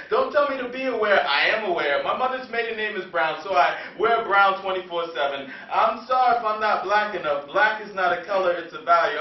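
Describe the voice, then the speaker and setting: A man from New Jersey performing spoken word poetry in an earnest, confessional, rhythmic way. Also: sits high. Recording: echoey room, far from mic, dull lo-fi sound.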